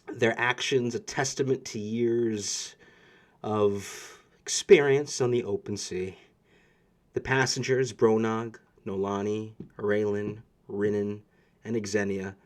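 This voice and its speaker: A man narrating as game master for a tabletop role-playing game, reading prepared scene text and then improvising with frequent fillers. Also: lowish voice.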